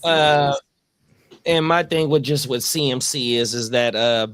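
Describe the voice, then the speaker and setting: A man's voice: mid-range voice, a little slow, a bit bright, smooth. A man co-hosting a casual fantasy football podcast, slangy and emphatic, backing his picks hard. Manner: slangy, emphatic, keeps saying "a hundred percent". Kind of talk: casual chat.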